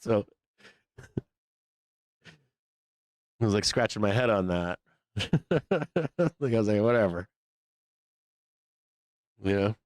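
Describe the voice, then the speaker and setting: A man's voice: fairly low pitch, expressive, slow pace, pauses often, no echo. A man hosting a live show, ranting casually in a rambling, profane way and laughing often between points. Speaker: livestream host.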